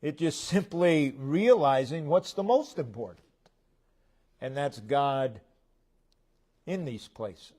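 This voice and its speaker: A man delivers a sermon in a church at an unhurried, measured pace. His voice sits slightly high for a man, and he breaks his points into short phrases that fall away at the ends. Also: animated, darkish tone. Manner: slow, deliberate preaching with pauses between phrases. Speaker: preacher.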